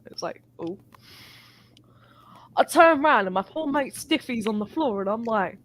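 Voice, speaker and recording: A woman telling an animated, sweary story in a casual live chat. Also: on the high side, normal speed, pauses often. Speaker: guest.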